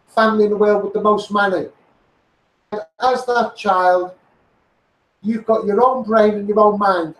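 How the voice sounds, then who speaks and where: A campaigner from England, accent part Scouse and part Essex, rants fervently on stream, naming his viewers and repeating points. His voice is high, far from the mic in a roomy space, and the recording is rough.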